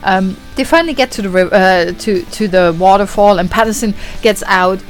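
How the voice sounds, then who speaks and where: A woman's voice: mid-range voice, moderate pace, faint music behind. Swearing woman recapping a film. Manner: swearing, lively retelling with acted-out reactions. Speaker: podcast host. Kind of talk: casual film review chat.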